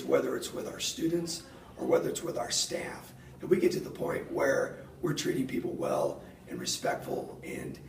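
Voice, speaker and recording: Gravelly man presenting from afar. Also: on the high side, a little mellow, slight background noise. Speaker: school staff presenter. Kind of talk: school announcement. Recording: distant mic in an echoey room.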